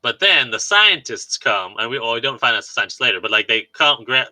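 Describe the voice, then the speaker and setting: A man's voice: mid-range voice, big pitch swings, brisk, sharp tone, low-quality recording. A man co-hosting a podcast, casually recapping a movie scene by scene with lots of fillers and laughs. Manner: rambling, laughs often, lots of "like" and restarts. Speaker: podcast co-host. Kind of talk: casual chat recapping a film.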